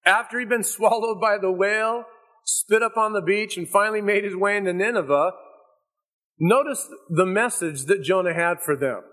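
A man preaches in a fairly high voice, leaning hard into dramatic emphasis. He drives each point home like a storyteller. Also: normal speed, a bit bright. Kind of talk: sermon.

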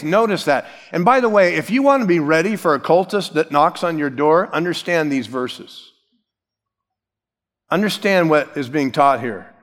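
A man's voice: a little high, fairly bright tone, big-room sound. A man preaching an expository sermon as pastor, emphatic, stressing key words and shifting his pace.

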